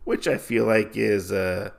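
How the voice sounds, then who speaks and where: A man's voice: fairly low pitch, a little slow, gravelly. A man hosting a podcast, casually recapping a comic book with lots of fillers and loose asides. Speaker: podcast host.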